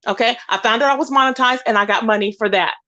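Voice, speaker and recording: A woman's voice: on the high side, fast, sharp tone, muffled recording. A woman hosting a livestream, ranting indignantly and emphatically while greeting chat viewers. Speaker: livestream host. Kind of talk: heated livestream rant.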